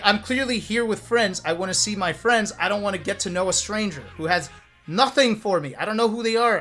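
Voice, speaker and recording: A man streaming to his chat, telling a story in a casual, animated way, swearing freely and checking in with "right?". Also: high voice. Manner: animated, profane, talks to chat with lots of "right?".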